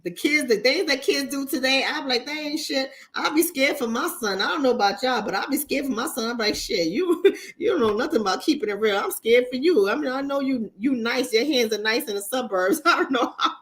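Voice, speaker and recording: A woman with a Bronx accent, casually chatting with viewers on a livestream in a blunt, profane manner. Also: brisk. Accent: New York, Bronx. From New York, the Bronx. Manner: blunt, profane, animated, mimics others in high voices. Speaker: relationship coach and livestream host.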